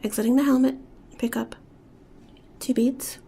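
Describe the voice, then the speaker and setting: A woman giving a step-by-step beading tutorial, talking softly and often dropping to a whisper as she works. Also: sits high, steady tone, a little slow, gravelly, husky. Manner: soft-spoken, often drops to a whisper while working.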